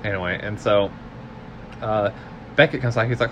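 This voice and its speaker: A man's voice: fairly low pitch, normal speed, a bit bright, highs cut off, slight background noise. A man co-hosting a podcast, casually recapping a film in a rambling way, full of fillers and quoted lines. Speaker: podcast co-host.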